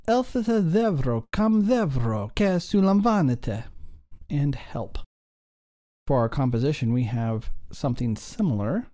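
A man teaching a recorded grammar lesson, reading example sentences slowly and then explaining the grammar step by step. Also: mid-range voice, dark tone. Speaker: language teacher.

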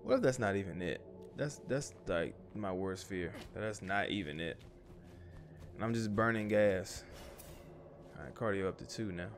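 A young father who makes gaming videos on YouTube plays a survival game and comments loosely, cursing and talking to himself and the on-screen characters. His low voice is expressive at a normal pace, broken by long pauses, with faint music behind it.

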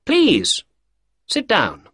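A brisk, self-assured gentleman detective from an audiobook, as a male narrator puts him on, his husky voice lifted higher and swinging lively up and down. He sounds emphatic and sure of himself. The recording is dry and close. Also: dry recording, full character voice.

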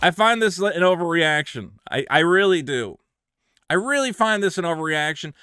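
Animated sarcastic male commentator. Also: on the high side, normal speed, smooth, dry recording, clean studio sound. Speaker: commentary YouTuber. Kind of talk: opinionated commentary.

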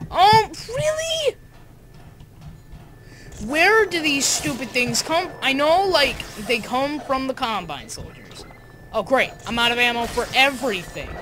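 A young man commenting casually on his own gameplay, excitable and laughing, muttering asides between outbursts. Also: extremely high pitch. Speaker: gamer. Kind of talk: casual let's-play commentary.

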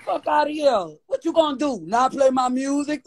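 New Orleans accent, high voice, profane mocking rant, live stream. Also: moderate pace, few pauses, no echo. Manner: profane, defiant, mocking, repeats insults. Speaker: guest.

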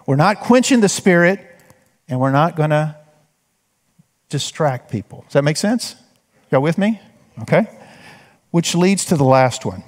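Man, pastor's sermon, fairly high voice, long church reverb. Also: lively intonation, unhurried, long pauses. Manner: conversational, asks the congregation questions. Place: church sanctuary.

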